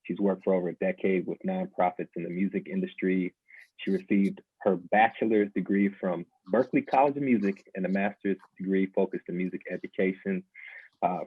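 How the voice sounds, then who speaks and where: Low husky man over a tinny line. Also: no echo. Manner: steady, listing credentials. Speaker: panel co-host. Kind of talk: reading guest introductions. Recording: tinny phone-like line, dry.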